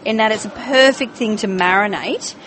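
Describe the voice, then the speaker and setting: A woman's voice: mid-range voice, moderate pace, fairly bright tone, a little hiss or hum, poor audio. A woman chef explaining a dish in a friendly, casual way in a restaurant kitchen. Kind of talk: casual cooking demonstration.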